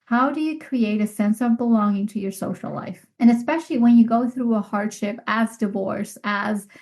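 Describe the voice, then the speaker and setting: Earnest, higher-voiced woman podcast host. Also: normal speed, a little mellow, low-quality recording. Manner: earnest, heartfelt, repeats phrases for emphasis. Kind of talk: reflective solo podcast talk.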